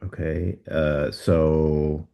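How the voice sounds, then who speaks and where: A man student answering in an online class, halting and unsure, pausing often. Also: rumbling low, level tone, gravelly, lo-fi sound.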